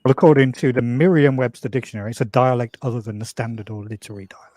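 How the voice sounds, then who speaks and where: A man's voice: medium pitch, fairly even intonation, racing, warm tone, no echo. English man with a dry close voice. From England. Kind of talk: casual chat.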